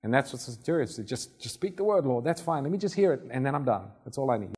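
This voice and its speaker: A man's voice: mid-range voice, big pitch swings, fast, darkish tone, slightly rough. Man preaching a conversational sermon. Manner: conversational, acts out Bible scenes.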